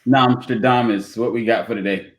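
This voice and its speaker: A man, co-hosting a casual debate podcast, joking and often laughing while he builds his point slowly. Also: medium pitch, fairly even intonation. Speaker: podcast co-host.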